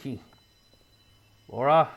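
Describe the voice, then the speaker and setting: A man's voice: very slow, highs cut off. A man reading as a drunk scheming writer. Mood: muttering. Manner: low muttering, reading dialogue aloud. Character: drunk scheming failed male writer, 1940s husband. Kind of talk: reading game dialogue aloud.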